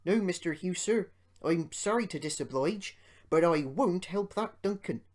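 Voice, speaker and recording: A man's voice: high-pitched, expressive, measured pace, pitched above the performer's own voice. A man voicing a stubborn little old diesel. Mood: cross. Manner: cross yet polite.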